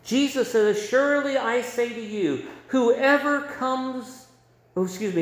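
A male pastor preaching a sermon in a church, telling a story and moving between loud and hushed delivery. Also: very high-pitched, unhurried. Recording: roomy echo.

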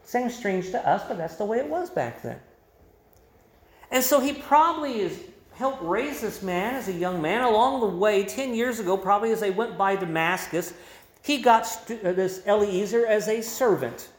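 A man's voice: high voice, expressive, moderate pace. A man preaching a sermon, explaining scripture in a conversational way and adding emphasis with quoted voices. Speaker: pastor. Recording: roomy echo.

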